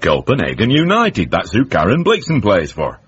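An actor playing a blunt, deadpan older uncle with a gruff manner in a radio comedy. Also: male voice, lowish voice, normal speed, background noise. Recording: dull old radio broadcast.

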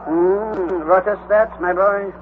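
An actor playing an older, learned professor uncle who leads the expedition with commanding, declamatory speech, in an old radio drama with a tinny sound. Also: male voice, sits high, steady tone, slow pace. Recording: tinny lo-fi old radio recording with faint hiss.

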